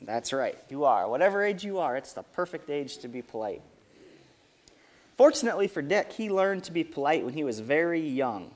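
A man with a voice on the high side reads a story aloud to children at a moderate pace. He's lively and stops often to ask the kids questions.

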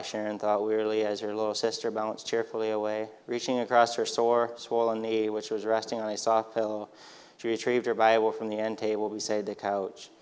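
A man reading a storybook aloud in a steady, gentle manner. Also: lowish voice, a little fast, clear, resonant tone.

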